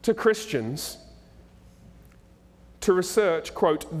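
Male pastor, sermon, conversational, humorous, slightly high voice, echoey hall. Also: lively intonation, normal speed.

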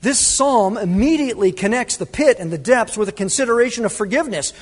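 A male pastor preaching a sermon to his congregation, dramatic, swinging between loud emphasis and hushed asides. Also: high voice, animated, a little fast, husky. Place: church sanctuary. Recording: reverberant church hall.

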